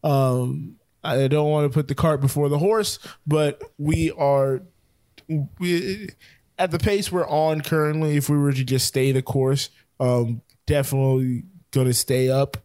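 A young man co-hosting a casual sports podcast, talking fast and rambling with many restarts and corrections. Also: a little high, fairly even intonation, darkish tone, dry recording, studio quality. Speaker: podcast co-host.

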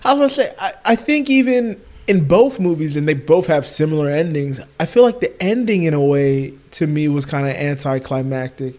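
A man in casual podcast chat reviewing a film, animated and quick to laugh. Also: on the high side. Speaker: podcast co-host.

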